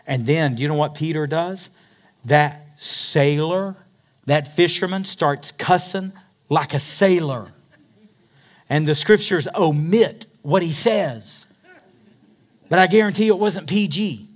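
A man preaching a sermon, retelling a story dramatically, swinging between loud emphatic peaks and hushed, quiet passages. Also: on the high side, takes it slowly. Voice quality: dramatic storyteller, rising to near-shouts then dropping to hushed tones. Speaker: pastor.

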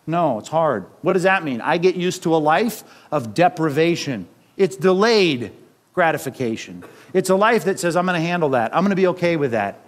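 Middle-aged pastor guy preaching, kinda high voice, keeps asking the crowd questions. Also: animated, normal speed. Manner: conversational preaching with rhetorical questions. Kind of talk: sermon.

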